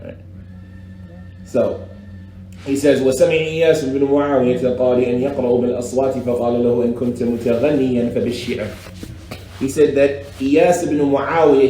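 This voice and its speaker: A man teaching a casual religious class, talking in a lively, slangy way and mimicking recitation styles. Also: medium pitch. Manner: animated, conversational, slangy, imitates recitation styles. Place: echoey mosque classroom. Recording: echoey room with faint background ambience.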